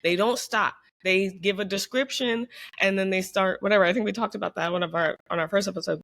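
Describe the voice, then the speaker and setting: A woman co-hosting a podcast in casual chat, lively and acting out quoted people. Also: a little fast, gravelly. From United States. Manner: animated, acts out quoted voices with big pitch jumps. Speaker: podcast co-host.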